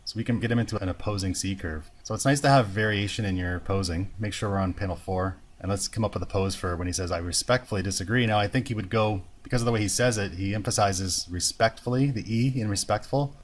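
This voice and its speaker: A man with a fairly low voice walks through a drawing tutorial, narrating every step as he goes. His tone is relaxed and explanatory, as if he is thinking out loud. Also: fast, few pauses. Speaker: animation instructor. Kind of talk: screen-recorded software tutorial.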